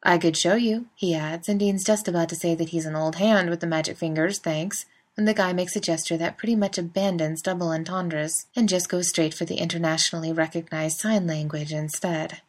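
A woman's voice: on the low side, steady tone, fairly quick, few pauses. A woman narrating a fan fiction story in a wry, conversational way. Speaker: reader. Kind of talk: fan fiction audiobook reading.

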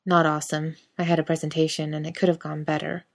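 A woman's voice: sits low, little pitch movement, fast. A woman voicing a tired, grumpy young man who speaks in a dry, clipped way in a storybook reading.

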